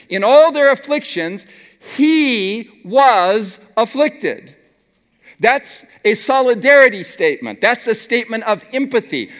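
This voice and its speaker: A middle-aged male preacher with a fairly high, lively voice that swoops up and down as he works the crowd. He fires rhetorical questions and sometimes sinks to a near hush, and his words ring out with a long reverb in a large hall. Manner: animated, rhetorical questions to the audience; drops to a soft hush for emphasis. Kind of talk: sermon.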